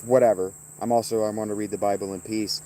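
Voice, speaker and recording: Mellow-voiced man taunting his chat. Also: fairly low pitch, steady tone, fast. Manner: profane, taunting viewers by name, rambling. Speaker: streamer reading chat. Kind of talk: casual livestream chat.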